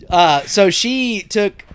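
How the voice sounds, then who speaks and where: A man in his thirties on a podcast, telling stories in casual chat and breaking into high, shrieking laughs. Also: slight background noise. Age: 30s. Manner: animated storyteller, bursts into high laughing shrieks. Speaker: podcast co-host.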